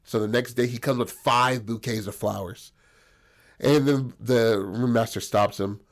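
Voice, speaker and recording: Brief: casual male podcast storyteller, rambling and profane, average pitch. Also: fairly even intonation, unhurried. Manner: rambling, profane, filler-heavy.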